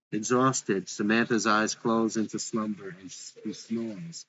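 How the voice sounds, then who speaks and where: A man's voice: on the low side, steady tone, slow pace, few pauses, a bit bright, muffled recording. A man reading a script aloud with its stage directions, in a plain, matter-of-fact way.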